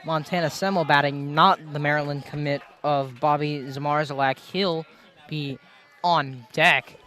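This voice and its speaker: Young man calling high school baseball. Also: fairly even intonation, a little slow, pushed and bright. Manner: chatty, tangents between pitches. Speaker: play-by-play announcer.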